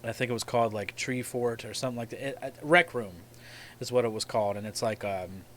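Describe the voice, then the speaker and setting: A man's voice: mid-range voice, fast, slight background noise. A young man in casual podcast chat, telling rambling, profane gaming stories. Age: young adult. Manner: rambling, profane, animated storyteller. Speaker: podcast host.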